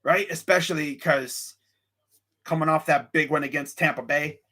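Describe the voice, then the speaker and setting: Excitable young man streaming sports picks. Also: a little high, moderate pace. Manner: excitable, animated, lots of sighs and laughs; reads live chat while talking. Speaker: sports show host.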